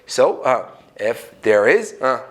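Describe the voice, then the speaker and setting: A man's voice: medium pitch, slow pace. A man with an Ethiopian accent teaching an unscripted English grammar lesson, acting out little everyday dialogues as he explains. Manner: animated, acts out little dialogues.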